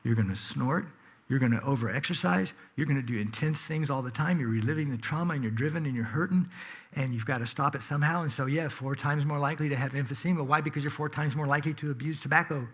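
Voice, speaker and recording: A man's voice: fairly high pitch, fast talker, a bit bright, breathy edge. A man preaching a sermon in a church, talking conversationally and with emphasis, asking the congregation questions. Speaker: pastor. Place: church sanctuary.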